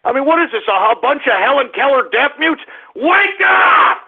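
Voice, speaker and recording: A ranting radio host who curses and yells at his callers in a high, gravelly, husky voice. The sound is thin and phone-like. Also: animated, fast. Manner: ranting, cursing, exasperated. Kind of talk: comic ranting call-in radio show.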